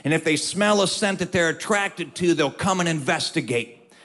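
A man voicing a serious camp guy who calmly explains things in a slow, matter-of-fact way. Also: a little high, pitched below the performer's own voice, natural voice. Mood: earnest.

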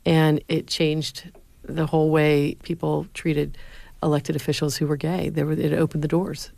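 A low-pitched middle-aged woman tells stories earnestly in an interview. She recorded in a dry, close setting. Her voice lifts when she quotes other people. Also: level tone, moderate pace, creaky, darkish tone, dry recording. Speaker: former speechwriter, university lecturer. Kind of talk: interview answers, storytelling.

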